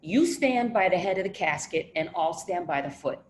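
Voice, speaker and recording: A tense, bossy grieving sister with a New Jersey accent, played by an actress speaks in clipped, exasperated bursts. The room rings with a roomy echo and faint background hiss. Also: female voice, lowish voice, lively intonation, normal speed, lightly acted. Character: tense, prim grieving eldest sister, middle-aged.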